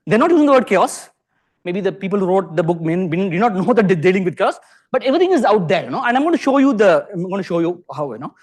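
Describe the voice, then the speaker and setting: A man's voice: high voice, fast. A man with an Indian English accent giving a lecture to a live audience in a lecture hall. He keeps asking the room questions. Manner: animated, peppers sentences with rhetorical questions.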